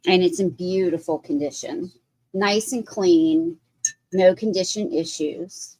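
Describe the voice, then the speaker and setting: Slow, dry-voiced woman hosting a sale. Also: lowish voice, a little mellow, husky, no echo. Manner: chatty, describes items in detail. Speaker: online sale host. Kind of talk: live sales presentation.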